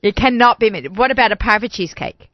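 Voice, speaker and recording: A woman's voice: medium pitch, lively intonation, fast, no room sound, muffled recording. A woman hosting a studio talk show, chatty and bubbly, often talking over her guests. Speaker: host.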